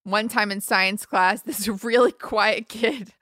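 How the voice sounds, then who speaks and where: Woman cohost telling silly stories, keeps giggling, bright voice, dry close sound. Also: mid-range voice, steady tone, slow, dry recording. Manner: giggly, storytelling with frequent laughs. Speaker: podcast co-host. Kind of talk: casual chat.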